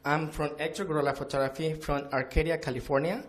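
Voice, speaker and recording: A man's voice: a little high, fairly even intonation, quick pace. A man in a seminar audience introducing himself and effusively thanking the hosts. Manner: grateful, effusive. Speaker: audience member. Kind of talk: casual self-introduction.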